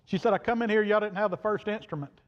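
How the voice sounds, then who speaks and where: A preacher man with a fairly high voice, telling a folksy story from the pulpit in plain words. His voice rings through a church hall with a long echo, and the sound is dull and muffled. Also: fast talker. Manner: folksy, plain-spoken, quoting others in turn. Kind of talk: sermon storytelling. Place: church sanctuary.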